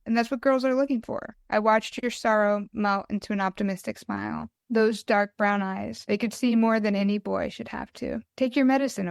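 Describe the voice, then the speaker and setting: A woman reads her own poem in a smooth, clear voice that stays flat and restrained, her delivery halting and tearful. The sound is dry and close, with no room around it. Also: medium pitch, no echo. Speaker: podcast guest, mental health advocate. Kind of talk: reading her own poem aloud, then conversational interview.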